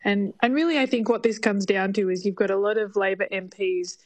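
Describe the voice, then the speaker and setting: A woman's voice: mid-range voice, fairly even intonation, a little fast, darkish tone, dry recording. A woman, a political correspondent, giving thoughtful analysis in a radio interview with fillers.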